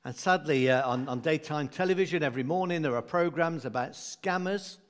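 A man's voice: on the high side, fairly quick. A man preaching a sermon in a conversational, humorous way, with asides and jokes for his congregation.

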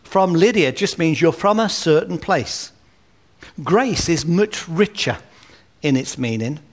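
A man preaching a sermon with gentle humor and anecdotes, at a baby's naming. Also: fairly high pitch, animated, takes it slowly. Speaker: pastor. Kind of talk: sermon at a baby dedication.

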